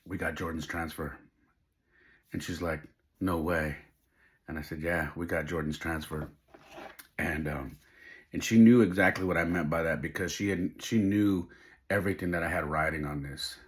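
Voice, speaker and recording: A middle-aged male podcast host tells a personal story in an emotional, heartfelt, faith-driven way. His voice is low and steady, at a moderate pace with frequent pauses.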